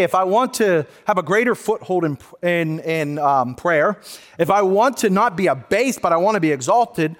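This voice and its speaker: A man's voice: high voice, big-room sound. A man who is a pastor, preaching a sermon in an earnest, conversational way and often restarting his sentences. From United States. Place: church sanctuary.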